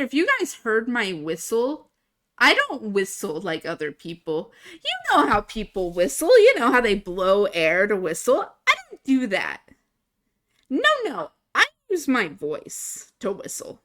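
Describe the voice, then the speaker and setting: A woman's voice: medium pitch, pushed and bright. A young woman streamer chatting casually into a desk mic, rambling and swearing freely. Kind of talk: casual live-stream chat. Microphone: desk microphone.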